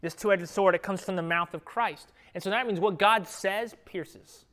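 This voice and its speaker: Lively man preaching a sermon. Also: sits high, normal speed. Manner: lively, asks the room questions, laughs easily. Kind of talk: sermon with audience questions.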